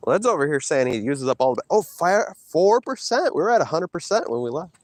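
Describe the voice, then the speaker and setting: A man streaming from an outdoor hike, trash-talking his chat in a boastful, mocking way with loud teasing outbursts. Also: a little high, big pitch swings, brisk, no room sound. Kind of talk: casual trash talk to chat while hiking.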